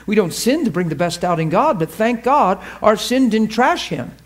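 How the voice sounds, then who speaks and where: A man's voice: high-pitched, animated, moderate pace. A man preaching a sermon to a class, emphatic and fervent, often asking the audience questions and laughing with them.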